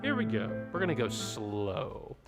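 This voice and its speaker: A man's voice: fairly low pitch, wildly swooping pitch, measured pace, vocal fry, over loud music. A man directing a choir rehearsal, explaining parts and singing short demonstrations between instructions. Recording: reverberant room with instrument behind.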